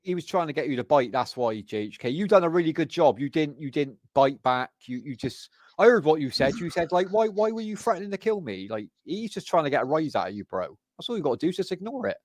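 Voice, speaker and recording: Lively livestream host man, dry close mic. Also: on the high side, fast, hardly any pauses, dry recording. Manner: lively, reassuring, says "man" and "brother". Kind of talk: casual livestream chat.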